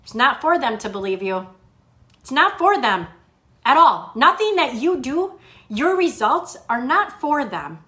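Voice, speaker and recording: A middle-aged woman fitness coach chatting live with viewers, high-pitched and bright, with a clear edge to her voice. She is upbeat and encouraging and keeps repeating her main points for emphasis. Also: very animated, unhurried. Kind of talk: live chat reading viewer comments.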